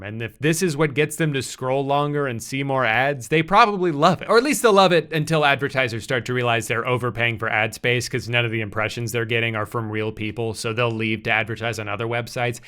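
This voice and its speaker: A man's voice: mid-range voice, bright, forceful tone. A man hosting a scripted comedy commentary with a wry, sarcastic delivery.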